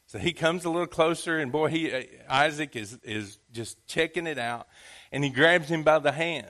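A man's voice: a little high, normal speed, fairly bright tone. A man preaching a sermon in a folksy, conversational storytelling manner. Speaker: pastor.

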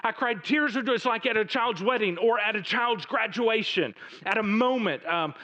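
A man preaching a sermon, moving between raised emphatic lines and hushed, low passages. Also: normal speed, highs cut off. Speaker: pastor.

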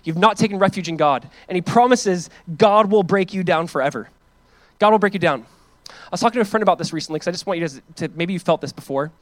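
Pastor, male, earnest preaching, slightly high voice, dry close sound. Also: dry recording. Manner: earnest, emphatic preaching with casual asides. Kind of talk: sermon.

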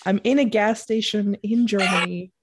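A woman's voice: medium pitch, fairly even intonation, moderate pace, a crowd in the background. A woman co-hosting a podcast in casual chat, playful and teasing. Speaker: podcast co-host.

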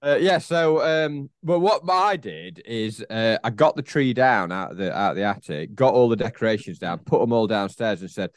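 A man's voice: medium pitch, expressive, normal speed, no room sound, studio quality. A man, co-hosting a podcast in casual, rambling chat and laughing often. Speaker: podcast co-host.

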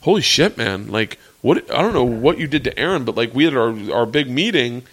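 Man, forties, comedian, profane, animated storytelling, laughing, casual chat. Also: mid-range voice, brisk, slightly rough. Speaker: comedian guest.

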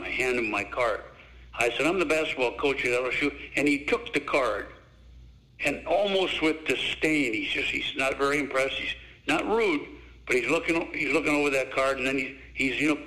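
In a low-quality recording, an older man with a mid-range voice recounts stories at a moderate pace for an interview. Formerly a basketball coach, he tells them with animation and mimics the voices of the characters he quotes.

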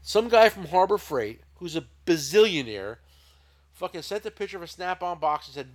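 Middle-aged guy ranting on a podcast, swears a lot, voice jumps all over, a bit high. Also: expressive, moderate pace. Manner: profane, rambling, repeats words. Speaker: podcast host, tool shop owner. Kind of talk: casual chat.

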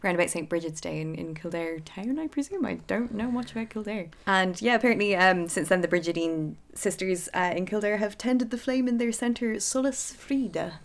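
A woman's voice: medium pitch, fairly quick, few pauses. An Irish woman co-hosting a casual chat, reading from notes with many fillers and self-corrections. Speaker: podcast co-host.

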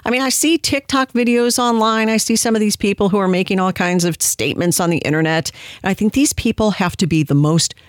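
A woman's voice: medium pitch, a little fast, no echo, clean studio sound. A woman host giving opinion commentary in a sarcastic, incredulous, indignant way.

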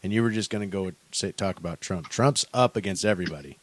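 A man's voice: low-pitched, quick pace, no echo. A man co-hosting a podcast, chatting casually about politics, hesitant and profane, full of fillers. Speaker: podcast co-host.

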